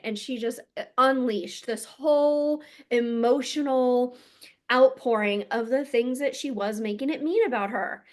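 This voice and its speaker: Blunt, swearing woman coach, slightly high voice. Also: unhurried, darkish tone. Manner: blunt, emphatic, swears freely. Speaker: energy healer and coach. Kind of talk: casual teaching monologue.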